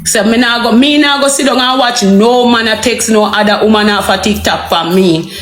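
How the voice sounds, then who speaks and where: A woman with a Jamaican accent vents at length on a livestream, repeating her points and throwing out rhetorical questions. Her voice sits somewhat high. The room echoes, and music plays faintly behind her. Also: moderate pace, fairly bright tone. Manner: heated, repetitive, rhetorical questions. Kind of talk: livestream rant to viewers.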